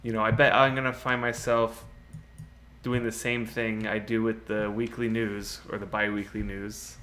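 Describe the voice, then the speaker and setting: A man's voice: lowish voice, little pitch movement, normal speed, pushed and bright, slight background noise. Chatty male streamer answering viewer chat. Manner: laughs often, with many fillers like "you know". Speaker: game streamer. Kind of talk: casual live-stream chat.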